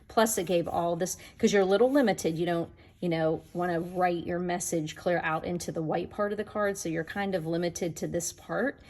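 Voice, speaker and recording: A woman's voice: fairly low pitch, steady tone, normal speed, hardly any pauses, darkish tone. A woman demonstrating card making in a casual tutorial, chatting to viewers as she works. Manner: chatty, talks to viewers while working.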